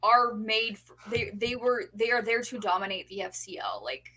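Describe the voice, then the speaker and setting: A bubbly young woman chatting on a podcast panel, her voice bright and forward. She talks in quick bursts, full of fillers and enthusiasm. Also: fairly high pitch. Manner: bubbly, fast, lots of fillers. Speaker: podcast co-host. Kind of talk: casual chat.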